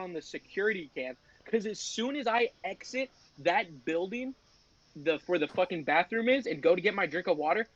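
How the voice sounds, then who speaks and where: Teen guy, high voice, lo-fi mic, heated rant storyteller. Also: fairly bright tone. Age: teens. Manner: storytelling, swearing often, heated and ranting. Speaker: podcast co-host. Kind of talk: casual chat. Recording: dull lo-fi sound.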